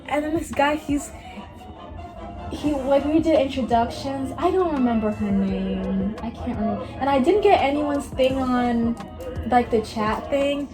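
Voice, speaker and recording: A woman's voice: sits high, darkish tone. A young woman in her late teens from Miami telling a rambling, casual storytime, full of "like" and acted-out quotes of other people. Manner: rambling, lots of "like", acts out others' lines. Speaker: vlogger. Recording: music playing behind her.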